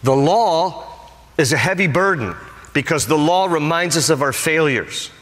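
A man preaching a sermon as pastor, emphatic and animated, repeating short lines for stress. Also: on the high side, measured pace. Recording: long hall reverb.

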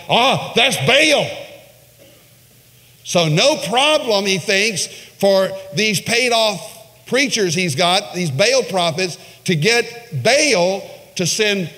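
A male pastor preaching a sermon, retelling a story with dramatic pitch swings and voiced quotes. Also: takes it slowly, bright, forceful tone. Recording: long reverb of a large hall.

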